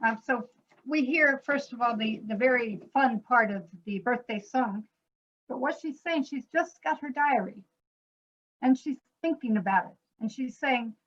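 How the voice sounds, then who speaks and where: Woman composer, explanatory talk, spells out example words slowly, muffled video call audio. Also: on the high side. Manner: illustrates points by speaking words slowly.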